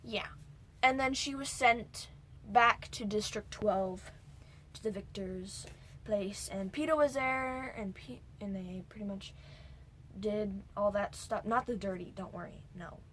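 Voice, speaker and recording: Unhurried and a bit bright, this medium-pitched young woman reviews a film in a laid-back vlog recap. Her talk wanders between points and dips into whispers, with faint noise in the background.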